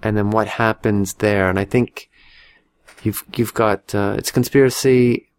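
A man's voice: lowish voice, steady tone, unhurried, smooth. A man co-hosting a casual podcast, talking through movie recommendations in a rambling way with restarts and dry jokes. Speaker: podcast co-host. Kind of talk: casual chat about movies.

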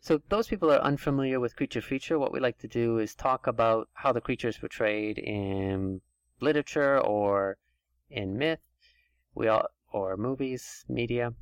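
A man's voice: mid-range voice, smooth, no room sound. A man hosting a casual podcast chat, talking things through at length in long run-on stretches. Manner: chatty, thinks aloud in long run-on stretches. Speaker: podcast host.

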